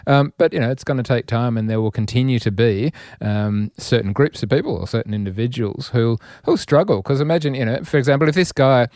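A man's voice: mid-range voice, fairly quick, hardly any pauses, a little mellow, no echo, studio quality. A man, speaking as an expert guest who weighs both sides carefully, with many fillers and hedges. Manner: hedging, thoughtful, many fillers. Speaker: psychologist guest. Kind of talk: measured expert commentary.

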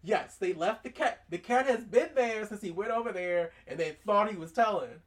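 A man with a high-pitched voice speaks at normal speed, sounding far from the mic. He hosts a podcast, casually recapping a cartoon episode and acting out the characters' lines in raised voices.

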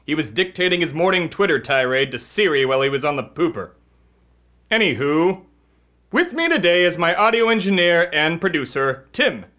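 Man doing a brash podcast-host fixer; bright, tense, pushy, high-pitched bluster. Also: sing-song, normal speed. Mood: boastful. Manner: bombastic, boastful, yelling. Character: brash loud political fixer man, arrogant. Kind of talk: comedy podcast character.

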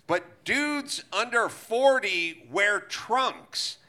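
A middle-aged man hosting a live comedy podcast, telling profane stories in an animated way and laughing as he talks. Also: high voice, extremely slow. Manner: animated, swearing, laughs mid-sentence. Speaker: podcast host. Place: live show on stage.

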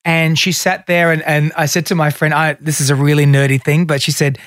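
A man's voice: a little high, a little fast, no echo, clean studio sound. A middle-aged man, a guest in a casual interview, telling stories and acting out what others said. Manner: animated storyteller, acts out quotes.

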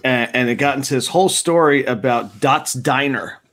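A man's voice: medium pitch, moderate pace, fairly bright tone, slight background noise. A man chatting as a podcast guest, telling a story in a rambling way, stumbling over his starts. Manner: storytelling with many fillers and restarts. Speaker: guest, comic creator. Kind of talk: casual podcast chat.

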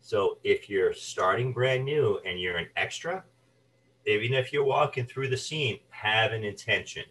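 Low-voiced man telling lively stories. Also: measured pace, recorded from a distance, rough recording. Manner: animated anecdotes, acts out quoted voices. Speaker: guest, actor and voice artist. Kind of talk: storytelling interview chat.

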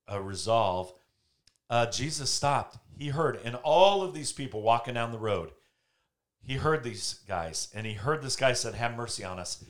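A man hosting a casual faith talk from home, telling stories and acting out the quotes he tells. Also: on the low side. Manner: animated storyteller, acts out quotes. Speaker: podcast host.

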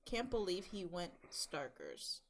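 A woman's voice: lowish voice, wildly swooping pitch, slow pace, fairly bright tone, slight background noise. A woman running a casual slang guessing game, reading out words and giving the answers in a matter-of-fact way. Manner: matter-of-fact, reads out prompts. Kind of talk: casual chat.

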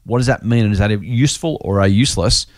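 A man's voice: on the low side, fast, dry recording, studio quality. A man hosting a casual finance podcast, joking and reading listener mail aloud. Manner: jokey, animated, reads listener mail aloud. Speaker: podcast host.

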